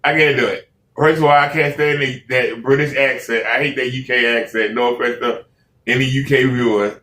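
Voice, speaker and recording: A man hosting a reaction video, commenting in an exasperated, animated way and repeating himself. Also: medium pitch, brisk, echoey room, distant mic. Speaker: reaction host.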